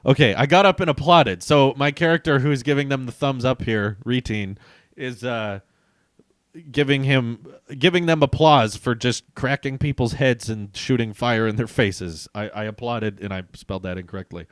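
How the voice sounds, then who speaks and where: A man's voice: medium pitch, moderate pace, clear, resonant tone, dry recording, studio quality. A young man reading his childhood comic aloud as a vlogger, with self-mocking, amused asides.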